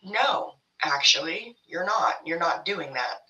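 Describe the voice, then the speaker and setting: A woman's voice: on the low side, lively intonation, slow, pushed and bright, recorded from a distance, muffled recording. A woman giving a casual spiritual tarot reading to her viewers, rambling and blunt, swearing freely as she talks. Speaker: tarot reader.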